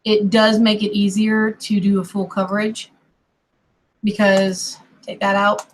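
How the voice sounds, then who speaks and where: Unhurried and flat in delivery, a woman streams herself drawing digitally and rambles casually, her apologetic, self-deprecating asides often fading to murmurs. Her pitch is medium, and the rough recording has a little hiss or hum.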